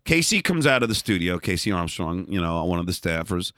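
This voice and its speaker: A middle-aged man talks bluntly as an interview guest, his pitch swinging widely as he tells his stories. His tone is bright and forward, and he keeps stumbling into restarts and repeated words. The room sounds dry and close. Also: very animated, fairly quick, no echo. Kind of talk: candid storytelling in a conversation.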